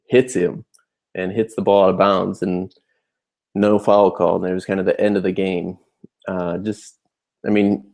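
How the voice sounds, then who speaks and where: Young adult male fan vlogger, low gravelly voice, rambling, fired-up recap rant. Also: a little mellow. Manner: fired-up, rambling, many fillers. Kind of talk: casual game recap rant.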